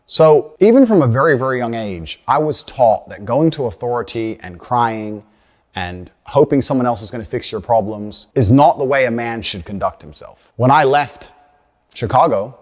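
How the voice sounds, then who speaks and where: A man in his thirties from the United States, telling his life story in a measured, earnest way. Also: medium pitch, expressive. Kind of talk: self-told life story in a video. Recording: long hall reverb.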